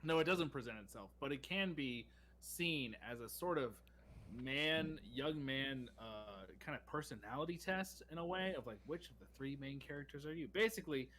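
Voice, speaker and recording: Bright-voiced man rambling about cartoons. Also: medium pitch, normal speed, a little hiss or hum. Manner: rambling, enthusiastic, many fillers. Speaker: podcast co-host. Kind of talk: casual chat.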